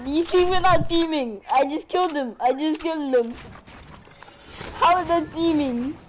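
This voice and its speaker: A woman's voice: high voice, moderate pace, a little hiss or hum. A woman live streaming an online shooter game, teasing and laughing as she plays, breaking into short sung snatches. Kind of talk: excited gaming live stream. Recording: loud game gunfire behind. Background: loud gunfire and game sounds.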